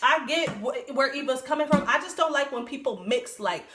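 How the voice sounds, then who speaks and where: Her voice sits a little high as she chats through the recap, blunt and unfiltered, with plenty of swearing and quick asides. The sound has a noticeable echo, like a bare room. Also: a bit bright, a little hiss or hum. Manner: blunt, profane, chatty, laughs often. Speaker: reality TV recap vlogger. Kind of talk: casual show recap commentary.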